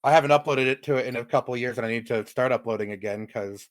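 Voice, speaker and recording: A man's voice: medium pitch, fast. A man guesting on a podcast in casual chat, offhand and laid-back.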